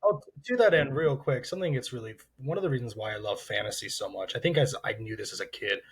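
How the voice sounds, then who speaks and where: A man talking casually on a podcast as a co-host, in thoughtful, drawn-out phrases. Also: medium pitch, husky.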